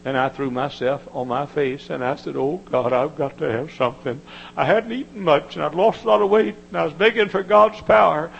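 Gravelly male preacher swinging hushed to loud. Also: on the high side, lively intonation, fairly quick, few pauses, muffled recording. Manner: dramatic swings from hushed to shouting; emphatic repetition. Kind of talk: sermon.

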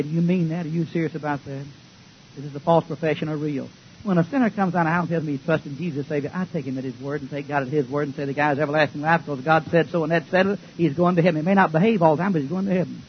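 An older man preaching a folksy, joking sermon, swinging between loud outbursts and low mutters. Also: racing, highs cut off, slight background noise.

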